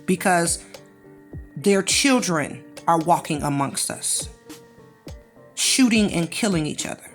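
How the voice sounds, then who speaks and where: A woman's voice: lowish voice, animated, slow, pauses often, faint music behind. Sassy preachy woman with a drawl. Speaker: commentary channel host. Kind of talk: casual monologue commentary.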